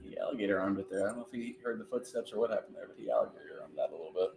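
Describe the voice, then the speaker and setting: A man's voice: deep voice, racing, creaky, background noise. A man hosting a football watch-along livestream, chatting casually about the plays and reading out chat messages. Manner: relaxed play-by-play banter, reads chat aloud.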